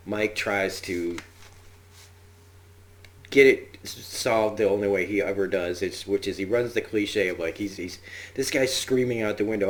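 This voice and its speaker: Male podcast host, deep voice, chatty rambling episode recap. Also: normal speed. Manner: rambling, chatty, with frequent fillers and acted-out quotes. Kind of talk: casual spoken episode review.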